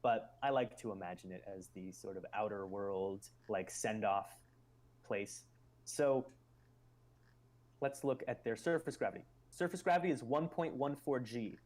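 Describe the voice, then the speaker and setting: A man's voice: on the low side, unhurried, a little mellow. A man hosting a live stream, explaining ideas in casual chat and musing aloud with loose fillers.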